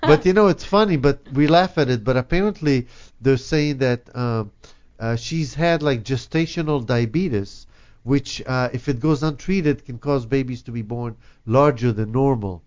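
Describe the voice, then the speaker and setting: A man's voice: mid-range voice, moderate pace, hardly any pauses, a little mellow. A middle-aged man hosting a casual chat, rambling with lots of fillers, laughing often and swearing. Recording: dull lo-fi recording.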